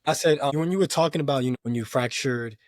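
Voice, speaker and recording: A man hosts a casual interview over a video call and talks quickly. He asks questions in a friendly way, filling in with you know. His voice sounds dry and close. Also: mid-range voice, dry recording. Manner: fast-talking, friendly, uses you know and bro. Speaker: podcast host.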